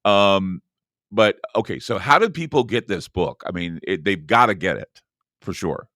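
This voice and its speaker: Rambling low-voiced talk radio host. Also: male voice, animated, normal speed, bright, forceful tone, no echo, studio quality. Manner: rambling and emphatic, with many restarts.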